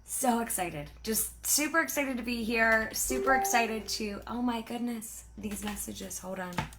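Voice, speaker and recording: A woman leading a live-streamed team training, bubbly and chatty, talking fast and greeting viewers by name. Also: fairly high pitch. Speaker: sales team director and trainer.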